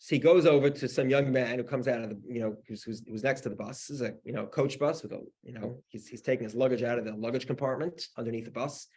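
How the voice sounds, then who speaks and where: A man's voice: mid-range voice, fast talker, hardly any pauses, darkish tone, breathy edge. A man, a rabbi, teaching a class by telling a story conversationally, with frequent restarts. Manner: conversational, with many restarts and "you know". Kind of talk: storytelling lesson.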